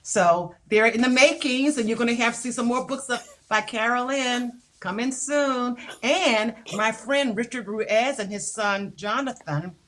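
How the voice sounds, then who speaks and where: A woman's voice: on the high side, unhurried, hardly any pauses, slight background noise. An older woman from the United States, a singer and author, chatting as an interview guest, telling stories with laughs and hesitant fillers. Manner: animated storyteller, laughs often, hesitant fillers. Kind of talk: casual interview chat.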